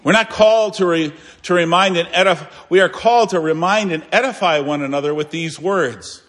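A man preaching a sermon as a pastor, earnest and emphatic, swinging between raised declarations and quiet, low asides. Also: a little fast. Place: church sanctuary. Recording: long reverb of a church hall.

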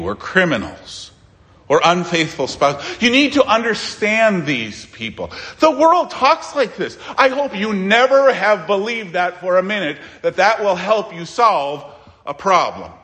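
A man preaching a sermon as pastor, emphatic, with dramatic pauses and sudden quiet asides. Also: high voice, big pitch swings, long reverb tail.

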